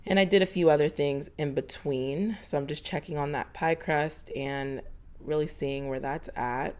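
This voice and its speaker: A woman's voice: low-pitched, steady tone, moderate pace, a little mellow. A woman in her thirties narrating a homemaking vlog in a chatty, earnest voiceover, slightly out of breath. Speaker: homemaking vlogger.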